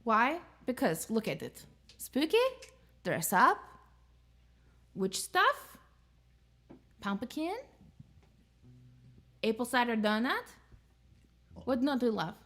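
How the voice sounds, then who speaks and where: A woman's voice: fairly high pitch, sing-song, fairly bright tone, full character voice. A woman voicing a scrappy goblin cowpoke who talks in broken English with a put-on Southern drawl. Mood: giddy. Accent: put-on American Southern. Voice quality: drawn-out, broken grammar.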